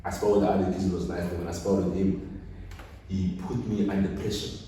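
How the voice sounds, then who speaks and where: A man, a guest on a podcast, telling stories in casual chat and swinging from quiet to loud as he goes. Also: deep voice, level tone, brisk, recorded from a distance, slight background noise. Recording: echoey room, speaker off-mic.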